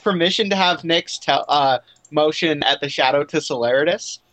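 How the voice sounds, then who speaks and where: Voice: mid-range voice, moderate pace, a crowd in the background. A player in a tabletop role-playing game, chatting casually and eagerly.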